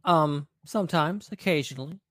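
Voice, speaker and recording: A man in his thirties from the American South, co-hosting a podcast in a halting way, with many uhs and restarts. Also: on the high side, fairly bright tone, no echo, studio quality. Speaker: podcast co-host. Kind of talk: casual podcast chat.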